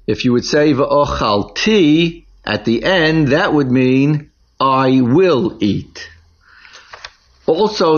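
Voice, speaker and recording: Slow, careful male Torah reading teacher. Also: medium pitch. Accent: Ashkenazi Hebrew pronunciation. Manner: careful, deliberate, sounds out words syllable by syllable. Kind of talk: slow explanatory lesson on Hebrew cantillation. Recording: dull lo-fi recording.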